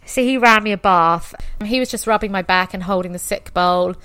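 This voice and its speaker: A woman in her thirties, a podcast guest candidly telling her birth stories in a chatty, expressive way. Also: mid-range voice, a little fast, smooth, no echo. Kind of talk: casual birth story telling.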